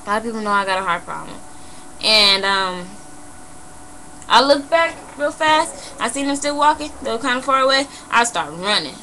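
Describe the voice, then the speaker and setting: Bright-voiced young woman telling a story. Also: fairly high pitch, moderate pace, a little hiss or hum, poor audio. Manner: blunt and animated, swears freely, many "you know"s. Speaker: vlogger. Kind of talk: casual emotional storytelling.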